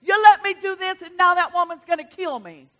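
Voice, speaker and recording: A woman's voice: extremely high pitch, a little fast, a bit bright, pitched above the performer's own voice. Woman doing a mocking prophet. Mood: despairing. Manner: mocking, incredulous questions. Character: bold mocking male prophet, later despairing.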